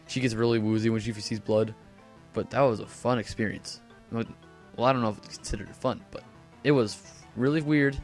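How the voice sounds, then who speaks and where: A teenage boy casually telling a rambling story over gameplay commentary, full of fillers and self-corrections. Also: medium pitch. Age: teens. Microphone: desk microphone.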